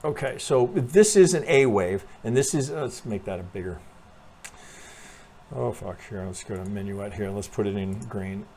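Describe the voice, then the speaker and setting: With a lowish, darkish voice at normal speed, this trading channel host talks through charts in a rambling, casual way. He swears, restarts, corrects himself, asks "right?" constantly, and coughs occasionally because of allergies.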